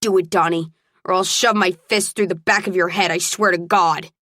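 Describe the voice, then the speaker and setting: A woman's voice: lowish voice, steady tone, normal speed, a bit bright, no room sound, studio quality, close to an everyday voice. A woman voicing a possessive young male college fighter who growls controlled, menacing threats, in an audiobook. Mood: threatening.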